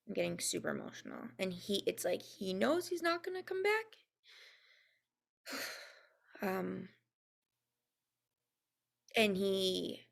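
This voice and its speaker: A young woman giving a casual spoken intuitive reading, halting and full of ums, sometimes spelling words out. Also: medium pitch, gravelly. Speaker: intuitive reader and co-host.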